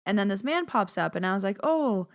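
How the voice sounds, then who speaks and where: A woman in her thirties, a podcast host, telling stories in a chatty, animated way with lots of filler words. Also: mid-range voice, quick pace. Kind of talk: casual storytelling monologue.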